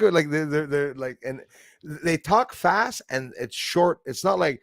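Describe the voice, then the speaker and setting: Lively French-Canadian man, casual chat. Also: fairly high pitch, unhurried, vocal fry, no echo. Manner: animated storyteller, mimics accents, laughs often. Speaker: channel host.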